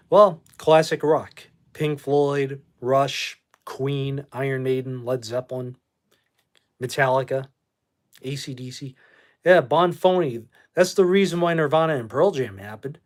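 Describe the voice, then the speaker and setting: A man hosting a casual live stream from his room at home, reading out chat names and firing back short verdicts. He talks bluntly and swears freely, brushing people off with a laugh. His voice sits at an ordinary middle pitch. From Boston. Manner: blunt, profane, quick to dismiss with a laugh. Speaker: livestream host reading chat.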